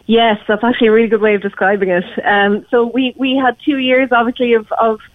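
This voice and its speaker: A woman's voice: a little high, flat delivery, brisk, dry recording. A woman festival director speaking by phone in a casual interview, eager and full of fillers and restarts. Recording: tinny phone line.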